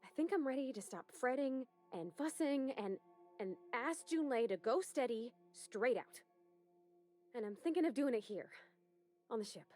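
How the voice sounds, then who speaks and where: A woman's voice: a little high, lively intonation, normal speed, darkish tone, soft background music, lightly acted. An actress playing a shy young female starship engineer, speaking hesitantly and self-consciously in a video game. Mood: hopeful.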